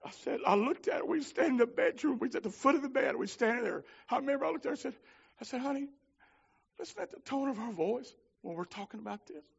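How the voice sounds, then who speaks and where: A man preaching a holiness sermon, telling stories with fervor and swinging from shouts to low pleading. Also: expressive, quick pace, creaky, slightly rough, highs cut off. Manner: fervent, climbs to shouting then drops low. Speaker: minister.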